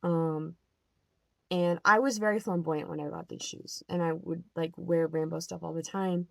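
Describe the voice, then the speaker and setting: A young adult woman telling a story in a casual, animated rant, with lots of "like" and "um" and an exasperated edge. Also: lowish voice, normal speed, creaky, no echo. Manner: animated, filler-heavy, exasperated. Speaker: vlogger.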